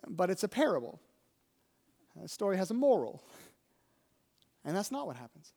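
High-voiced preacher in an echoing hall. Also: male voice, very animated, a little slow, long pauses, a little mellow. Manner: conversational storytelling, frequent "right?" and "like". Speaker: pastor. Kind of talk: sermon.

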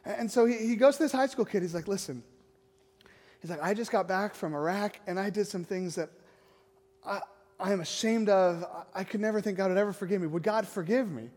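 A man's voice: high-pitched, fairly quick, a little mellow. A man, a youth pastor, telling a story in a casual sermon and often tagging lines with "right?". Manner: conversational, keeps asking "right?". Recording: long echoing hall reverb.

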